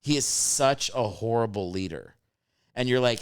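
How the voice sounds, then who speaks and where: A man chatting casually on a podcast as a guest, telling animated, profane stories and acting out what people said. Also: mid-range voice, moderate pace, clear, resonant tone, no room sound, clean studio sound. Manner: animated storyteller, swears freely, acts out quotes.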